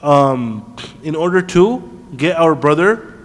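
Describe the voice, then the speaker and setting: A man teaching a class on Quran commentary, asking the class questions and quickly reciting Arabic verses. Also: on the high side, lively intonation, long reverb tail. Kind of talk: classroom lesson. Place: mosque classroom.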